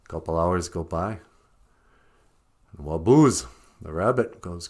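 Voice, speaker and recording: A man telling a folk tale in a relaxed, unhurried manner. His voice rises and falls expressively, and he pads his lines with easy fillers. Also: low voice. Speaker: storyteller and channel host. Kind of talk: casual spoken folk tale.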